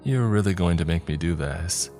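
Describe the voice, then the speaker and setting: A man's voice: deep voice, normal speed, warm tone, faint music behind. A man voicing a kind teenage girl who acts in summer theater. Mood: earnest.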